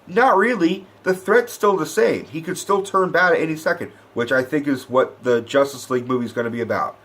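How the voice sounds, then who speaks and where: A man's voice: fairly high pitch, fairly bright tone. A man delivering a profane, sarcastic movie review rant, swearing constantly and sounding wound up.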